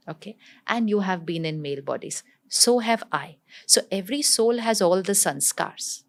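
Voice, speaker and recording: A woman, explaining spiritual ideas in an interview in a calm, teacherly way, often repeating herself for emphasis. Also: medium pitch, normal speed.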